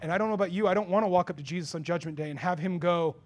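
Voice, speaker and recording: High-voiced animated man preaching. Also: very fast. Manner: animated, rises to loud rhetorical questions. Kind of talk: sermon. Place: church before a congregation.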